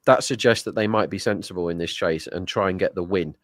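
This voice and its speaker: Lowish male co-host, chatty betting tips, dry close sound. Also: brisk, no room sound. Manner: chatty, talks through betting lines. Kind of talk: live sports watch-along banter.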